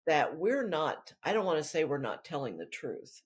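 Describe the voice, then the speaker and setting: A woman's voice: deep voice, very animated, moderate pace, breathy edge. A woman author talking through her work in a rambling, chatty way during an interview. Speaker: author guest. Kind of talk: casual interview chat.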